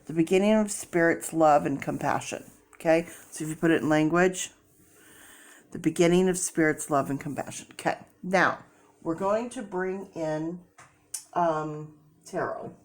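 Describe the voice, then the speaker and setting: A woman's voice: low voice, unhurried. A woman doing a casual tarot reading, chatty and rambling, with many fillers and restarts as she explains her method. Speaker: tarot reader.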